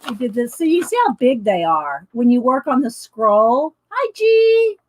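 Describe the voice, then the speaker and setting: A woman's voice: fairly high pitch, sing-song, moderate pace, a little hiss or hum. A woman hosting a casual morning art live stream, chatting, greeting viewers by name and laughing often. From American South. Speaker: art livestream host. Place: home studio with windows open.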